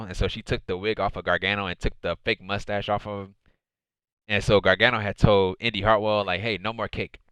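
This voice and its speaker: Male host, low and crisp, rambling chatty recap, lots of "man" and "dude". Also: pushed and bright, no room sound. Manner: rambling, repeats phrases, says "man" and "dude" often. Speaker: wrestling show reviewer. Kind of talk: casual recap commentary.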